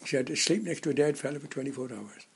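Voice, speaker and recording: Man, 90s, interviewee; husky, mid-pitched voice, halting and rambling delivery. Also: lively intonation. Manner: rambling, halting storyteller with many restarts. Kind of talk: reminiscing in casual conversation.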